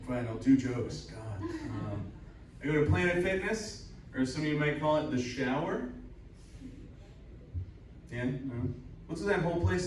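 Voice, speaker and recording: A man's voice: mid-range voice, darkish tone. A young man doing a stand-up comedy set at a live show, rambling, crude and self-deprecating. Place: upstairs room of a cider house at a live show. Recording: very echoey room, voice from far off, faint room noise.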